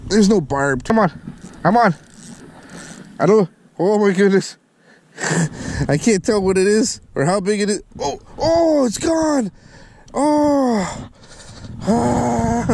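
A man with a fairly high voice narrates his own fishing trip beside a canal, chatting to viewers and bursting into shouts when a fish bites. Steady outdoor noise runs under his voice. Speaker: fishing vlogger. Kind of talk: outdoor fishing vlog commentary.

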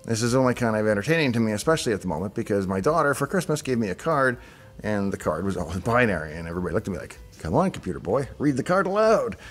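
A man's voice: lowish voice, expressive, very fast, faint music behind. A middle-aged man hosting a show, casually thinking aloud as he reacts to on-screen designs with chatty asides. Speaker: show host reviewing software designs.

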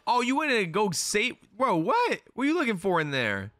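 Young male streamer, animated, bright voice, swears freely, dry close mic with faint show music under. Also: high-pitched, quick pace, no echo. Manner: excitable, swears a lot, slangy. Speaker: anime reaction streamer. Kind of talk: live reaction commentary.

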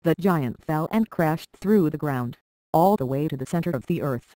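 A narrator reading a children's storybook aloud in a steady, even manner. The voice sits at a middle pitch, and the recording is dry and close with no room sound. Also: normal speed, no room sound, poor audio.

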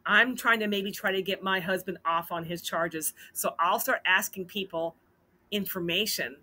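Bright-voiced woman telling a story. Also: medium pitch, moderate pace. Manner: animated, acts out quoted dialogue. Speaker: host. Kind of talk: casual storytelling vlog.

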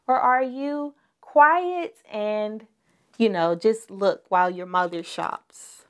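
A woman's voice: mid-range voice, takes it slowly, fairly bright tone, clean tone. A woman reading a picture book aloud to young children, stopping to ask them questions. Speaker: children's storyteller.

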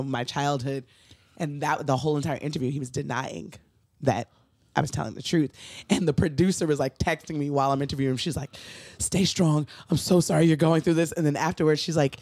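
A middle-aged woman, a comedian guest, telling a personal story on a podcast in a lively way, often acting out the other people in her story and laughing. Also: deep voice, a little fast, dry recording, studio quality. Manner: animated, acts out quoted voices, laughs often.

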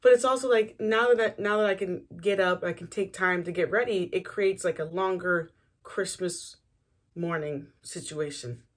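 Young woman, bit hoarse from morning, rambly and self-deprecating while she gets ready. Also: lowish voice, normal speed. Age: young adult. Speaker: beauty vlogger. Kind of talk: casual get-ready-with-me chat.

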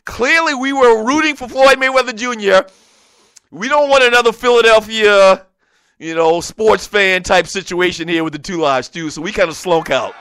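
A man hosting a casual sports talk show, telling long, rambling stories in an animated, joking way. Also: sits high, moderate pace, clear, resonant tone, dry recording.

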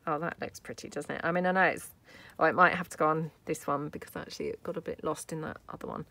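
A woman's voice: deep voice, fast talker, vocal fry. A woman hosting a crafting tutorial, chatting casually and thinking aloud as she works at a craft table. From United Kingdom. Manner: chatty, thinking aloud while working, soft asides. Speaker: craft video host.

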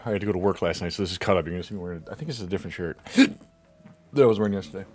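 A man playing a video game and reacting out loud, swearing often at the enemies on screen. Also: low-pitched, animated, very fast, husky. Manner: profane, reacting loudly to the game. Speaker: gaming YouTuber. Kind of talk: let's play commentary. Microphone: corded mic, hunched toward screen.

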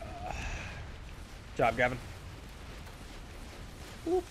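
A man's voice: medium pitch, huge pitch swings, extremely slow, a little hiss or hum. A young man giving solo gameplay commentary, exasperated and sarcastic, with frequent outbursts at the game. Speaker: gaming YouTuber.

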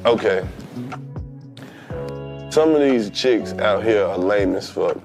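A man's voice: lowish voice, lively intonation, slow pace, creaky. A man in a casual street interview, talking crudely and emphatically. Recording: interview clip with music behind.

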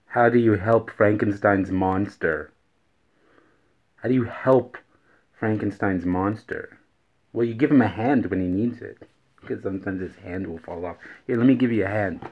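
Guy with a lowish voice doing dad jokes, says every riddle twice, giggles at his own puns, muffled lo-fi sound. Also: moderate pace, slight background noise. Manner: repeats each riddle, chuckles at his own punchlines. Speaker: host. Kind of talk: daily joke-telling vlog. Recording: dull lo-fi recording.

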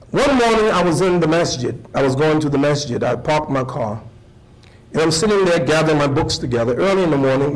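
High, lively-voiced man preaching. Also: rough recording. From United States. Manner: repeats phrases for emphasis, asks the audience questions and calls on them. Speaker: imam giving a lecture. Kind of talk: animated sermon-style lecture to a live audience.

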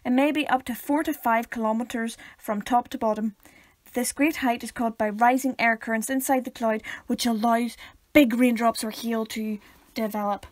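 A young woman with a Northern Irish accent, co-hosting a casual podcast chat with playful deadpan jokes. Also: on the high side, dry recording. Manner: playful, deadpan jokes, reads aloud haltingly. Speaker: podcast co-host.

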